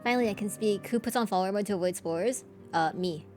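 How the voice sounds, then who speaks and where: A woman's voice: medium pitch, quick pace, a little mellow, faint music behind. Chatty, laughing woman streamer. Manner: chatty, laughs often, swears casually. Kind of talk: casual live-stream chat.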